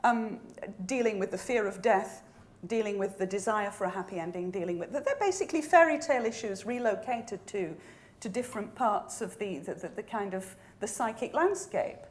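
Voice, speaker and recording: A woman's voice: mid-range voice, moderate pace. A woman author speaking on a festival panel, articulate and wry. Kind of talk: panel discussion. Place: festival stage.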